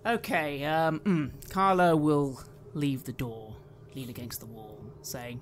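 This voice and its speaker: A woman's voice: low voice, slow, hardly any pauses, a little hiss or hum. A woman playing a tabletop role-playing game, mixing in-character lines with narrated actions. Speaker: player.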